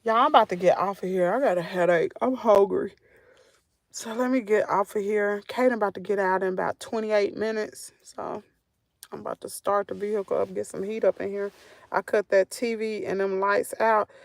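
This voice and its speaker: In a medium-pitched voice with fairly even intonation and a moderate pace, a Southern US woman hosts her channel's livestream from a parked vehicle. She reads comments, chats casually, and laughs frequently, and the audio is studio quality without echo.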